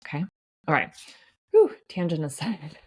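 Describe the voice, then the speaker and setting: A woman's voice: low voice, huge pitch swings, moderate pace, a little mellow, husky. A woman hosting a solo podcast as a life coach, talking in an earnest, reassuring way with frequent "right?" asides.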